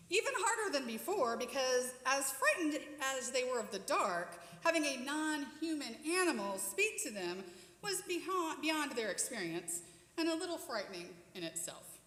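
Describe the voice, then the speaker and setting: A woman telling a children's story during a church service, expressive and inviting volunteers to help act it out. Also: high voice, unhurried. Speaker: worship storyteller. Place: church sanctuary. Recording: echoey church hall with long reverb.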